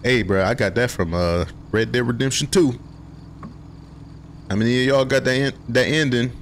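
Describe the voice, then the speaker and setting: A man's voice: mid-range voice, normal speed, a little hiss or hum. A young man giving slangy, joking let's-play commentary, talking back to the game characters. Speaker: gaming streamer.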